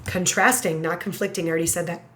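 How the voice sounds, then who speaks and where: A woman teacher thinking out loud as she writes an essay paragraph, musing, hesitating and correcting herself as she goes. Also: on the low side, steady tone, quick pace, slight background noise. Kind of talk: thinking aloud while writing an essay paragraph.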